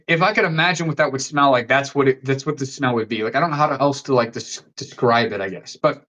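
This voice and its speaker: A man's voice: medium pitch, a bit bright. A young man from the American Midwest telling a long story on a podcast, rambling and swearing freely with many "likes". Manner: profane and rambling, heavy use of "like". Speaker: podcast guest, fitness coach. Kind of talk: casual storytelling in a podcast interview.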